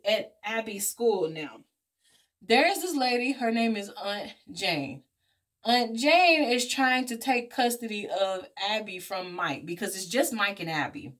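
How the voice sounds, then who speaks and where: A woman vlogger casually recapping a movie plot in an animated, slangy way. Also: on the high side. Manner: animated storytelling, slangy asides, acts out characters' lines. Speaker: beauty vlogger reviewing a movie.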